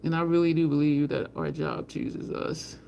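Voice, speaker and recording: A woman's gravelly, dark voice sits low, with little pitch movement and a normal speed. As host of a laid-back home livestream by an open balcony window, she tells wandering stories, answers viewer comments, calls the chat "y'all" and laughs a lot, faint street traffic audible behind her.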